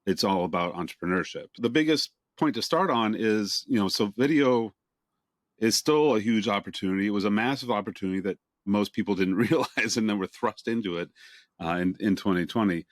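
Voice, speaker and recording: A relaxed male host interviews a guest over a video call, asking long, meandering questions and chuckling often. His voice sits low for a man. The sound is dry and close, with no room echo. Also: brisk. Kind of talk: casual interview chat. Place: home office near Boston.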